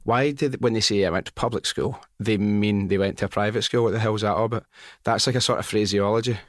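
A man's voice: fairly low pitch, steady tone, quick pace, no room sound, clean studio sound. A man with a Scottish accent hosting a podcast, asking curious, rambling questions and cracking jokes in casual chat. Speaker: podcast host.

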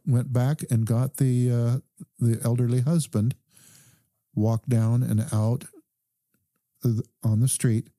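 A man, a doctor guest on a podcast, calmly telling a story and quoting the people in it. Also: medium pitch, no echo, clean studio sound. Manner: calm, measured recounting with quoted dialogue. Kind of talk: conversational storytelling.

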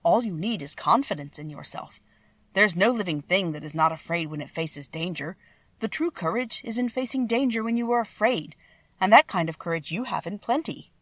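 A woman's voice: medium pitch, animated, moderate pace, no room sound, lightly acted. An old, meek humbug wizard confesses mildly and kindly in a storybook reading, voiced by a woman in her own plain tone. The sound is dry and close. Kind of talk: audiobook reading.

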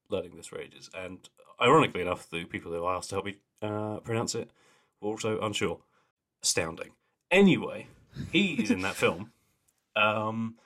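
A man's voice: lowish voice, a bit bright. A young man co-hosting a podcast, chatting casually with laughs and trailing mumbles. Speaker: podcast co-host. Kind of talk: casual chat.

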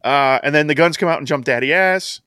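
A man's voice: on the high side, brisk, sharp tone, smooth, no room sound, studio quality. A man co-hosting a casual wrestling podcast, recapping in a chatty way and laughing as he acts out quotes. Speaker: podcast co-host.

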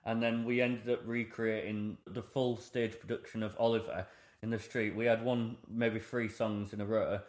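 Young man, low voice, rambling podcast anecdote, roomy echo. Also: level tone, normal speed. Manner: rambling storyteller, self-mocking. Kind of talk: casual chat.

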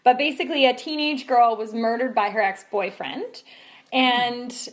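Woman, podcast co-host, somewhat high voice, animated, indignant. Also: a little slow. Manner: animated and indignant, frequent fillers and laughs. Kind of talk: casual discussion podcast.

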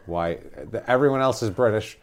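A man's voice: medium pitch, sing-song, a little fast. A man co-hosting a casual movie review podcast, sarcastic and dry, going off on tangents. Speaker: podcast co-host.

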